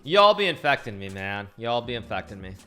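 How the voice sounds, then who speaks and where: A man's voice: mid-range voice, lively intonation, a little slow, bright, forceful tone, soft background music. A man putting on the voice of a folksy, brash American southerner with an exaggerated drawl. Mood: joking.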